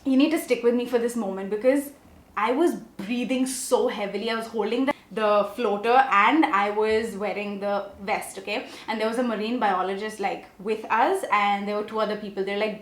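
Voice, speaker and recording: A young woman with a fairly high voice talks in a chatty, animated way, walking through a makeup routine and then a story. Her voice rings a little in a roomy, echoey space. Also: moderate pace. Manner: chatty, animated, often asks okay?. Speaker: beauty vlogger. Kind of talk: casual makeup tutorial and storytelling.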